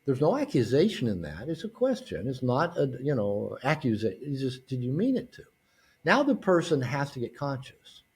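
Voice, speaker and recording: Male guest expert, husky tone, very expressive pitch, conversational, lots of restarts. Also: moderate pace. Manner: animated, acts out quoted dialogue, frequent restarts. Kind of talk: conversational interview.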